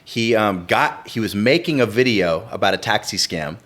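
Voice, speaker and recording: Male podcast guest, slightly low voice, relaxed and agreeable. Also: normal speed. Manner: laid-back, agreeable, lots of "yeah". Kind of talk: casual podcast chat.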